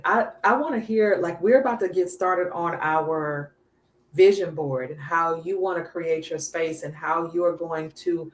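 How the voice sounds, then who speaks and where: A woman hosting a spirit-led group talk, speaking with passion and a preacher's build. She leans on repetition for emphasis, in a fairly low voice. The sound carries an echoey room around it. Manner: impassioned, preachy, repeats lines for emphasis. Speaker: host of a women's online gathering.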